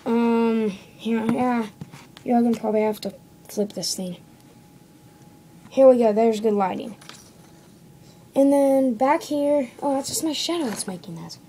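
A woman's voice: on the high side, measured pace, pauses often, mellow, a little hiss or hum, rough recording. A woman giving a casual, rambling show-and-tell review of a toy set, often correcting herself and tagging lines with "okay?", recorded on a phone indoors at home. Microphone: phone camera.

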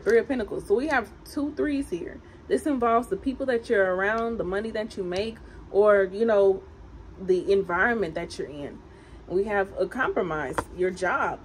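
A woman with a Southern country accent doing a chatty, emphatic tarot reading for viewers. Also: mid-range voice. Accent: American Southern country. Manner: animated, emphatic, chatty and teasing. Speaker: tarot reader. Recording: noisy home recording.

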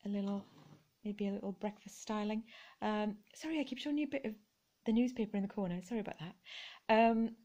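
A woman's voice: mid-range voice, quick pace, dark tone. A middle-aged woman chatting casually as she shows off her thrift haul, gushing over each find and apologizing for her pronunciation. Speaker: vlogger.

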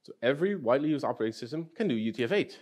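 A man's voice: medium pitch, lively intonation, rapid-fire, a little mellow. Dry-humored man giving a tech talk. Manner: dry, self-deprecating humor, asks audience questions. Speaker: conference speaker. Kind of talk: technical conference talk. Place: conference hall.

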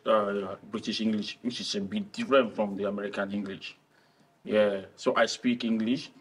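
A man with a Nigerian accent explaining his language in a measured way, pausing often on "uh". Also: on the low side, a bit bright, recorded from a distance. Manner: measured, with frequent "uh" pauses. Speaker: college community member.

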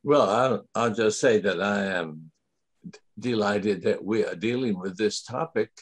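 An older man giving halting, reflective remarks, stammering and restarting now and then. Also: on the low side, husky. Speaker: guest theologian. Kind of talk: reflective remarks in an online talk.

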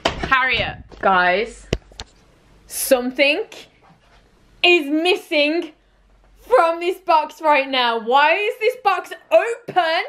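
High bright-voiced woman vlogger. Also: big pitch swings, very slow, long pauses. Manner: dramatic, indignant teasing. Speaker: vlogger host. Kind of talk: casual challenge vlog chat.

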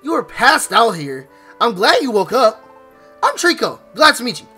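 Man doing a shrill hyped lizard buddy. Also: normal speed, breathy edge, soft background music, exaggerated voice. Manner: excited, shrill. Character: hyped young lizard partner, boy, upbeat.

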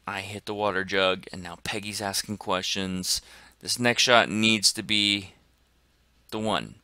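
A man commenting excitedly on his gameplay as a gaming channel host, dropping to whispers and bursting into shouts. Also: lowish voice, unhurried, clean tone, no echo. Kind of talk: let's play commentary.

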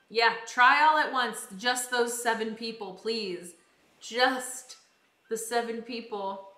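Slow, bright-voiced exasperated woman streamer. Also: on the high side, echoey room. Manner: exasperated, chatty with viewers. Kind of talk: live-stream game commentary.

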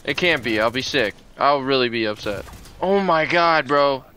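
A man giving casual gameplay commentary, excitable and swearing often, with sudden loud outbursts. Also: medium pitch, moderate pace, slight background noise, low-quality recording. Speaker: gameplay streamer.

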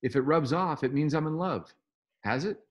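A man's voice: a little high, moderate pace, lo-fi sound, pitched above the performer's own voice, close to an everyday voice. A curious, dreamy teenage girl, as a man reading aloud puts her on, her voice lifted well above his own. She talks eagerly and fires off questions in wonder. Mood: playful.

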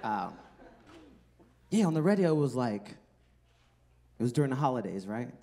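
A man's voice: mid-range voice, big pitch swings, moderate pace, warm tone. A man in his thirties doing a stand-up comedy set on a club stage into a handheld mic, loose and profane, chatting with the crowd and laughing at his own jokes. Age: 30s. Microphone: handheld microphone.

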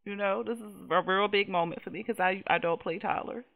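A woman hosting casual gameplay commentary, animated and exasperated, swearing freely and talking straight to her viewers, on a dull lo-fi recording. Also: medium pitch, a little fast. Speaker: gaming channel host.

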